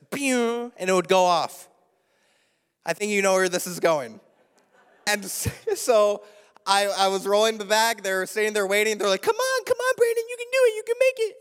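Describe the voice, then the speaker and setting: Young male pastor, high voice, animated storyteller, church reverb. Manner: animated, chatty storytelling with frequent laughs. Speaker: preacher. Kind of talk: sermon with personal story. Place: church sanctuary.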